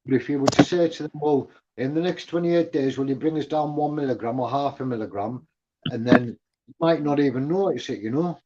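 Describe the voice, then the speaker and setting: A man's voice: medium pitch, a little fast, a little mellow. A man on a call giving earnest advice in casual chat, often repeating himself. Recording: muffled lo-fi call audio with faint noise.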